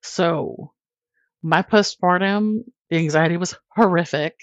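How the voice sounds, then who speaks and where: A woman's voice: on the low side, slow pace, no room sound. A woman guest on a podcast, telling her personal story candidly and with emotion, often laughing at herself.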